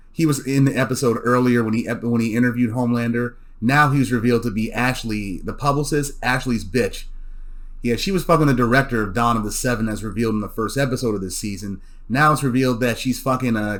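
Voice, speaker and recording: A man giving a loose, profane recap of a TV episode, often repeating himself and restarting sentences. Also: medium pitch. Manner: loose, repeats words and restarts, laughs at jokes. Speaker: show recapper.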